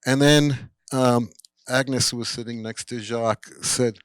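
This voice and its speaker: A man telling a rambling, animated anecdote at a cinema Q&A, full of fillers and acted-out quotes. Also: mid-range voice, unhurried, smooth, no room sound. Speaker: guest filmmaker at a Q&A.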